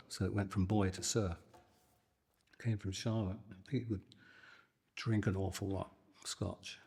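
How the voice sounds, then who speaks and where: Older guy, husky lowish voice, guitarist spinning a story, long reverb around him. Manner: animated, acts out the people in his story. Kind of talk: anecdotal storytelling.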